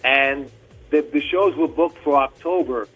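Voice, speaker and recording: A man's voice: on the high side, measured pace, breathy edge, phone-quality sound, soft background music. An American man, a tribute performer, recounting how things came together in an easygoing, conversational way on a radio interview. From United States. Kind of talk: casual interview storytelling.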